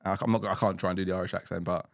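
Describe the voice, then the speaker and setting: A man's voice: low-pitched, rapid-fire, dry recording, studio quality. A man, co-hosting a casual chat show and joking animatedly. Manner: animated, jokey, breaks into exaggerated quoted voices. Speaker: co-host.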